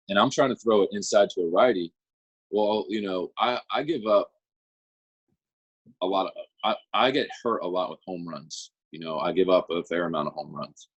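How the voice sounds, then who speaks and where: Low husky-voiced young man. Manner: relaxed, rambling with fillers. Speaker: guest, pro baseball pitcher. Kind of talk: casual interview chat.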